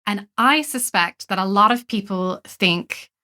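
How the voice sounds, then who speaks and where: A woman hosting an interview speaks with a bright, clear tone. She makes earnest, persuasive points and scatters filler words through her talk. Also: medium pitch, a little slow. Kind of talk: casual interview conversation.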